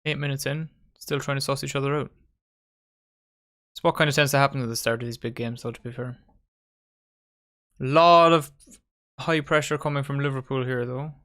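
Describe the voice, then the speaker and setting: A man's voice: medium pitch, steady tone, moderate pace, long pauses, a bit bright. Chatty man hosting a match watchalong. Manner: chatty, banters with friends and viewers. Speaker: watchalong host. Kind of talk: casual live match commentary.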